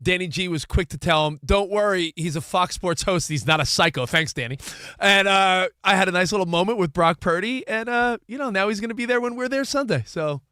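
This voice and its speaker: A middle-aged man co-hosting a casual sports talk show, telling jokey, excitable stories. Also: high voice, a little fast, clear, resonant tone, no room sound, clean studio sound.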